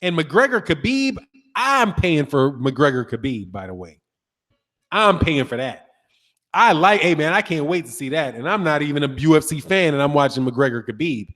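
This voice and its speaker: A man's voice: fairly high pitch, sing-song, moderate pace, a bit bright, in a large hall. A man hosting a casual boxing livestream, reading viewer comments, laughing often and throwing in slang like "dog" and "man". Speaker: boxing channel host.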